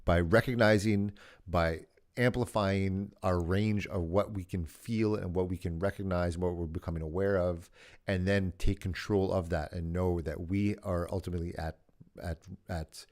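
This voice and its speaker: Low-voiced reflective man. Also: fairly even intonation, a little mellow. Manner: reflective, paraphrasing slowly with pauses. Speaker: podcast co-host. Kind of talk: casual podcast chat.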